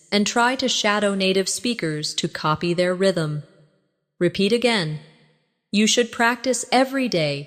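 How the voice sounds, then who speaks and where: A woman teaching an English shadowing lesson, calmly modelling short phrases for listeners to repeat. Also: mid-range voice, big-room sound. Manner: calm, clear modelling of phrases for repetition. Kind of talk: slow shadowing practice lesson.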